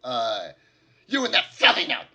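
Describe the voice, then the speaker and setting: A man voicing a hostile, defensive male goblin keeper who shouts scornfully. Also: mid-range voice, huge pitch swings, measured pace, gravelly, slightly rough, exaggerated voice.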